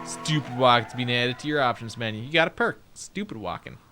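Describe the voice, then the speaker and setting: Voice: mid-range voice, fairly quick, pushed and bright, soft background music. A let's play host giving casual gameplay commentary, reading game text aloud with joking asides, chatting to viewers, swearing and laughing now and then.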